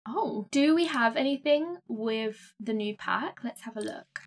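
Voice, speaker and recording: A young woman gives casual, excitable commentary while playing a life-sim game, gasping and gushing as she goes. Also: a little high, moderate pace, hardly any pauses. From England. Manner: gushing, excitable, gasps often. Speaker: gaming streamer.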